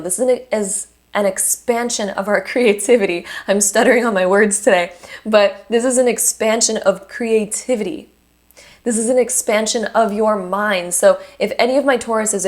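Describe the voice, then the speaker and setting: A woman presenting a monthly astrology forecast in an unscripted, earnest and encouraging way, with fillers and restarts. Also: mid-range voice. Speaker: astrology YouTuber.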